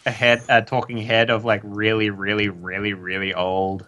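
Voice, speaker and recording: A man's voice: fairly low pitch, level tone, normal speed, sharp tone. A man playing in a tabletop game, hesitant and laughing as he describes moves. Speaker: player. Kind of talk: tabletop role-play chat.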